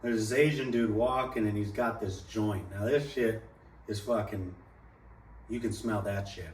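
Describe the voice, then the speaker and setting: A man's voice: on the low side, unhurried. A young man telling a story in casual talk, swearing freely and rambling. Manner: profane, rambling, animated quoting. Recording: echoey room, mic at a distance, faint background noise.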